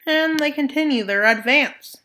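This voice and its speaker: Bright-voiced woman joking over a map. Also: high-pitched, normal speed. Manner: joking asides, playful mock voices. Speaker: map video narrator. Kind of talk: casual commentary over a map scenario.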